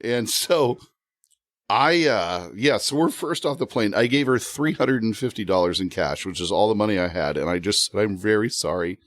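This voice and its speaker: A man telling a funny story as a podcast guest, animated and often laughing. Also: on the low side, normal speed, no echo. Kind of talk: casual storytelling.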